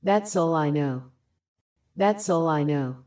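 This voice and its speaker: A woman slowly and clearly reading short English phrases for learners, saying each one twice. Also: low-pitched, animated, warm tone.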